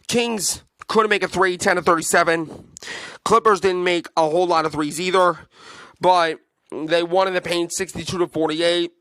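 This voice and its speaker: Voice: medium pitch, a bit bright, no echo. A sports podcast host giving an opinionated, emphatic take on a basketball game, repeating points for force. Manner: emphatic and repetitive, hammering points home; fan venting, then reading out game stats.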